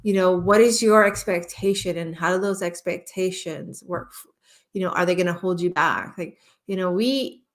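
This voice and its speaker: A woman's voice: lowish voice, steady tone, moderate pace. A woman hypnotherapist speaking as a guest in a live-stream conversation, earnest and passionate, often restarting her sentences.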